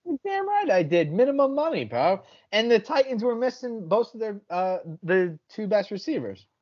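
Man, sports betting podcast host, brash and profane, fairly high voice, slightly dull lo-fi sound. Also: sing-song. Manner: brash, swears freely, quick picks talk. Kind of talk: casual sports betting chat.

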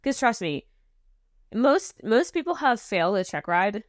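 A woman's voice: a little high, big pitch swings, unhurried, no echo, clean studio sound. A woman flight instructor co-hosting a podcast, talking candidly and chattily about her students with some self-deprecating humor. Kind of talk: casual chat.

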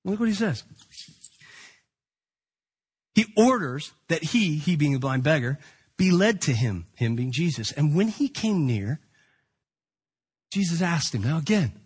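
A man preaching an animated sermon, acting out the shouting beggar and the crowd. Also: on the high side, normal speed, slightly rough. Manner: dramatic, acts out the shouting beggar.

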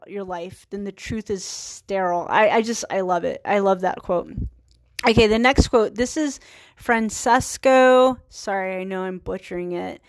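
A woman's voice: mid-range voice, no room sound. A woman in her thirties hosting a solo podcast, talking in a chatty, earnest way and laughing at herself. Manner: chatty, giggly, self-deprecating, earnest. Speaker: podcast host. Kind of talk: casual solo podcast monologue.

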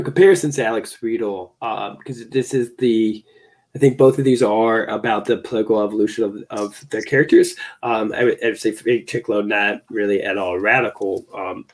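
A man with a lowish voice talking through a film review in a relaxed podcast chat. He hesitates a lot, leaning on fillers and restarting his sentences as he searches for the right words. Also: fairly quick. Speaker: podcast co-host or guest.

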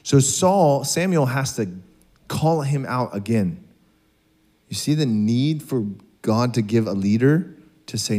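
A man's voice: mid-range voice, animated, takes it slowly, mellow. Conversational, joking male preacher. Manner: conversational, joking, acts out dialogue. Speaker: pastor. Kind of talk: sermon.

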